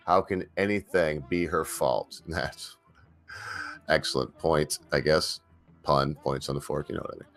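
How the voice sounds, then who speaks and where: The channel host's voice sits low with a fairly bright tone. He rambles through a casual rant of opinions, full of fillers and restarts and punctuated by emphatic bursts.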